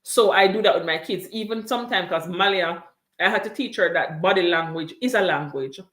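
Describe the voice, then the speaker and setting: Earnest woman, lower voice, echoey room. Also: brisk, fairly bright tone. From came to Canada from abroad. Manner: earnest, emphatic, repeats key points. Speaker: parent sharing experiences on a livestream. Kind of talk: casual chat.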